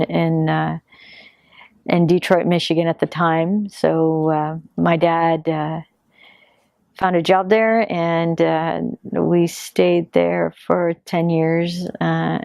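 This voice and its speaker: A woman in her fifties from Yemen, sharing her family's story in a hesitant way, pausing often on fillers. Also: on the low side, gravelly, a little mellow, no room sound, clean studio sound. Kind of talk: personal testimony.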